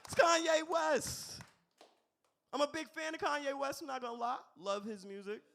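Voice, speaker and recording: A man doing a stand-up comedy set in a club, animated and playful, talking to the crowd through a stage mic. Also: extremely high pitch, normal speed, gravelly.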